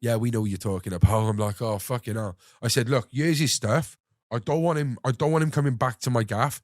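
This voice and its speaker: A young man hosting a podcast, telling an animated story full of swearing and acting out what others said. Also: medium pitch, a little fast, dry recording, studio quality. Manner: animated anecdote-telling, swears freely, acts out others' lines. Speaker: podcast host. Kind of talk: casual storytelling chat.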